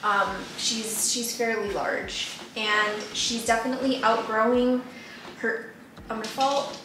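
A woman's voice: fairly high pitch, slight background noise. Chatty young woman, echoey room. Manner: chatty, rambling, self-deprecating. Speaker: plant vlogger. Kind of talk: casual chat to camera. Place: apartment room. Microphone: camera mic from a distance. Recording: echoey room, distant camera mic.

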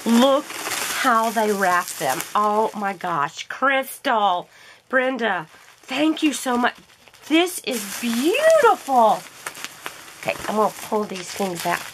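A woman's voice: fairly high pitch, sing-song, slow, noisy background. A woman gushing and gasping with delight as she unboxes a craft haul for her vlog. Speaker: crafting vlogger.

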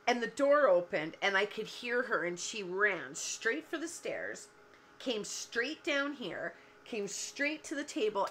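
A woman's voice: medium pitch, a bit bright, slight background noise. Chatty woman rambling at her craft table. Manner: chatty, rambling storyteller who laughs often. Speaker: cardmaking show host. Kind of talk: casual livestream chat while crafting. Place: home craft room at her work table.

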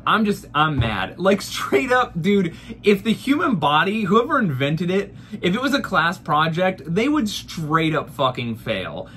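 A man's voice: high voice, bright, forceful tone, slight background noise. A man in his thirties doing a profane, mock-furious comedic rant full of rhetorical questions. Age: 30s. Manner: exasperated, profane ranting.

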